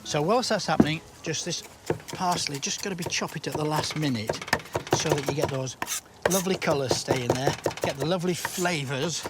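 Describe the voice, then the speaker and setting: A man's voice: fairly high pitch, moderate pace, heavy background noise. A male cook and presenter, chatty and teasing, explaining each step as he cooks. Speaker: chef and TV presenter. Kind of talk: cooking show chat and voice-over narration.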